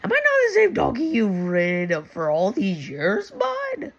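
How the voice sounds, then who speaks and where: Man doing a chill, slangy talking donkey, pitched up, slow drawl. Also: huge pitch swings, creaky, exaggerated voice. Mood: pleading. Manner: chill, says "yo", "man", "bud". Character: laid-back talking donkey, slangy and loyal.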